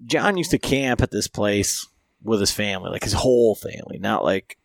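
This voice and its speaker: A man's voice: on the low side, animated, moderate pace, creaky, no room sound. A man hosting a podcast, telling a long story in a rambling, profane way with lots of fillers. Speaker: podcast host.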